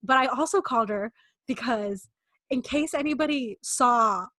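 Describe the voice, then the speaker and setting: A woman's voice: on the high side, moderate pace, fairly bright tone, no echo. A young adult woman co-hosting a podcast, telling a rambling, self-mocking story in a casual chat. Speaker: podcast co-host.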